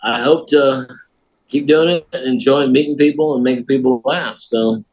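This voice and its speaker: American guy on a podcast spinning a hunting yarn, folksy and animated. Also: mid-range voice, normal speed, breathy edge, muffled recording. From United States. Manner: animated storyteller, folksy, laughs at his own tale. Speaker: podcast guest. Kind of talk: casual storytelling.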